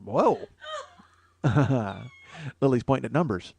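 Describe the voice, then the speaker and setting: A man's voice: medium pitch, expressive, slow pace, gravelly, darkish tone, slight background noise. A man in his forties hosting a comedy podcast, ranting in a rambling, profane and sarcastic way. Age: 40s. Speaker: podcast host.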